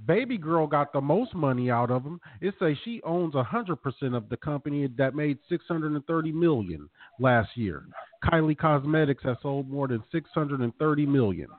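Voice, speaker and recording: A man co-hosting a podcast, chatting casually and reading numbers off a ranking with animated emphasis. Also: fairly high pitch, normal speed, no room sound. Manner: animated, reads out figures from a list. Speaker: podcast co-host. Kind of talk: casual profane banter. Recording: dry, tinny phone-like sound.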